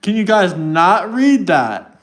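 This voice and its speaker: With a high, sing-song voice and a slow pace, a man argues with his livestream chat. His rant is combative and mocking, and he reads text aloud to make his case.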